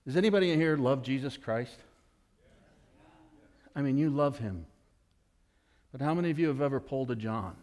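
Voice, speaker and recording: A male pastor preaches in church in a mid-range voice at a moderate pace, with long pauses. He's animated, questioning the congregation and acting out the voices of people in the story.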